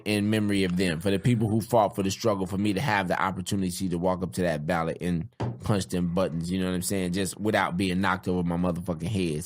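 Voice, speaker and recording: Male barbershop podcast host, low voice, laid-back and profane. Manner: laid-back, heavy profanity, drops lower as he goes. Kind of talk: casual podcast chat.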